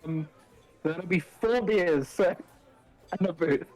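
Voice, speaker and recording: A man's voice: high voice, slow pace, darkish tone. A man taking part as a player in a tabletop game, speaking hesitantly and stammering. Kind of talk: tabletop role-play.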